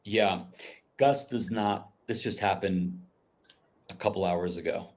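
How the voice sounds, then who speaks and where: A man's voice: low voice, slow pace. A man hosting a podcast, talking casually and rambling as he searches for words. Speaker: podcast host.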